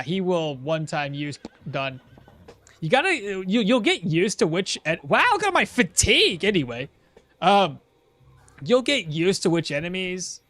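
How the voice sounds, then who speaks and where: In casual live-stream commentary, a young man with a high, slightly bright voice plays a game and chats, answering viewers' questions as he goes. The recording has no room sound.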